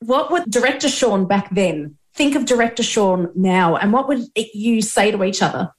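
A woman's voice: medium pitch, lively intonation, normal speed. A woman interviewing a guest, eager and gushing in her questions.

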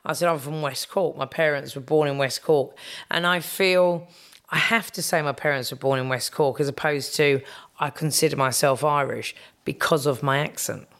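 A woman's voice: low voice, normal speed, fairly bright tone. A woman, chatting as an interview guest and telling stories with frequent ums and restarts. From London, England. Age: 50s. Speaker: guest, business executive. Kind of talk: casual interview chat.

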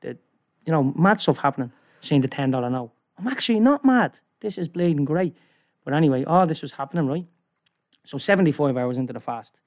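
Rambling, excitable man telling a story. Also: fairly high pitch, a little fast. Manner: rambling, excitable, tag questions like "right?". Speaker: guest. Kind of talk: animated storytelling in casual chat.

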